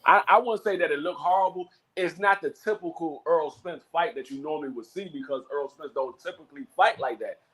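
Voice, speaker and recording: A man with a notably high voice hosts a relaxed sports talk show. He often stumbles over his words, repeating a word or two before landing his point. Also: a little fast, hardly any pauses. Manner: stammering restarts, repeats words before finishing a thought. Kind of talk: casual chat.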